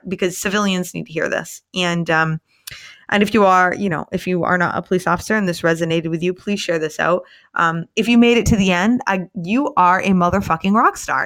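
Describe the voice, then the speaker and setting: Gravelly low-voiced woman ranting. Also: fairly bright tone. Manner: rambling, profane, emphatic, many fillers. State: tired late at night. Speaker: podcast host and police officer. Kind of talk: casual podcast monologue.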